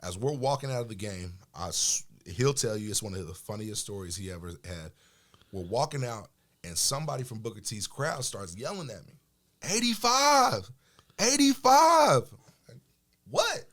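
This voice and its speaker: Man from oklahoma, low voice, animated storyteller, casual chat. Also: brisk. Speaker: podcast guest, former football player.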